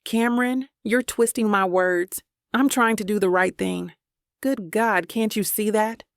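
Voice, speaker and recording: A woman voicing a grumpy, stern male professor who speaks in a low, measured, earnest way. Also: fairly even intonation, no echo, clean studio sound, lightly acted.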